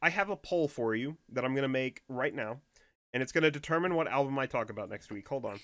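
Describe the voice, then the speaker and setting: A man's voice: medium pitch, lively intonation, fast talker, a bit bright. A man co-hosting a casual music podcast, playful, laughing mid-sentence and repeating words. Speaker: podcast co-host. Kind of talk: casual chat.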